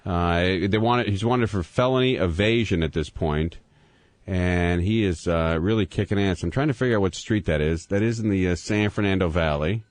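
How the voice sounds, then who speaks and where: A man's voice: low-pitched, normal speed, no room sound. A man hosting a call-in radio talk show, joking loosely with callers and reading out breaking news. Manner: loose, joking, lively delivery with laughs. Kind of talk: casual call-in radio chat.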